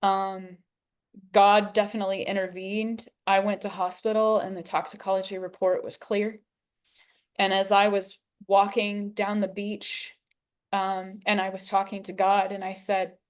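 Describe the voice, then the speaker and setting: A woman in her forties giving an earnest, emotional personal testimony as an interview guest, unhurried, with long pauses. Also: mid-range voice, level tone, clean tone. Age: 40s.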